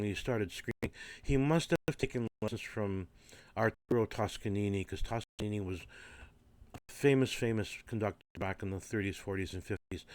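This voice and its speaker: A man's voice: lowish voice, no room sound. An older man, a former orchestra percussionist, tells stories casually in a rambling, digressive way with wry humour. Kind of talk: casual anecdotal storytelling.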